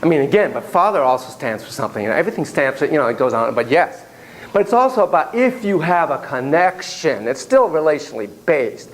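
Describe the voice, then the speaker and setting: Lecturer, male, middle-aged, lively pitch, slightly high voice, digressive storyteller, light room hiss. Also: fairly quick, rough recording. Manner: animated, digressive, talks in asides. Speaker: psychotherapy lecturer. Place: classroom.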